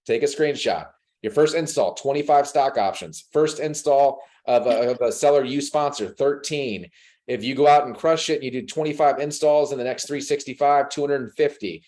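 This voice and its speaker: A man's voice: mid-range voice, moderate pace. A man hosting a team sales call, giving motivational talk and acting out conversations with prospects over a video call. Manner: animated, acts out conversations with changed voices.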